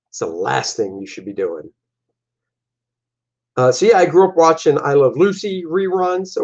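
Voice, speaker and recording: A man casually walks through his own comic pages, animated and chatty, often slipping into voices for his characters. The recording sounds dull and lo-fi. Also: mid-range voice, normal speed. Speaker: comic artist and show host.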